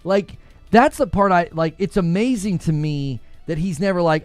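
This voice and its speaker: A man's voice: high voice, moderate pace, no echo, faint music behind. A man hosting a gaming podcast in casual chat, rambling with many fillers and laughing easily. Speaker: gaming news podcast host.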